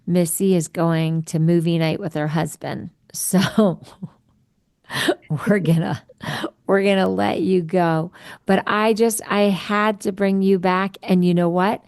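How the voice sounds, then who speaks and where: A woman's voice: lowish voice, fairly even intonation, slow, creaky, a little mellow, smooth, dry recording, studio quality. A woman hosting a casual interview podcast, chatty and explaining terms for her listeners. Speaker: podcast host.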